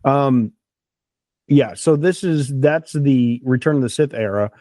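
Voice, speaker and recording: A man's voice: medium pitch, normal speed, warm tone, dry recording. A man hosting a casual podcast chat, rambling with enthusiasm and lots of fillers. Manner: chewing a snack while talking. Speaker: podcast host.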